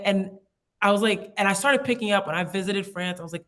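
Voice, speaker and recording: A woman's voice: mid-range voice, brisk, fairly bright tone. A young woman from the United States, a guest in a casual interview, talking in a chatty, reflective way with frequent laughs and fillers.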